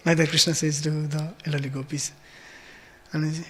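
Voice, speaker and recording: High-voiced man telling a devotional story. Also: level tone, brisk. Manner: storytelling, many fillers, acts out voices. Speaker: temple speaker giving a scripture class. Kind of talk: devotional scripture class. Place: large temple hall. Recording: reverberant temple hall.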